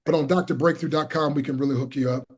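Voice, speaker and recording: A man's voice: fast, slightly rough. A man from Pennsylvania, a motivational speaker and evangelist, telling stories as an interview guest and acting out the people he quotes. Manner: animated, acts out quoted people with big pitch jumps. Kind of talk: storytelling in an interview.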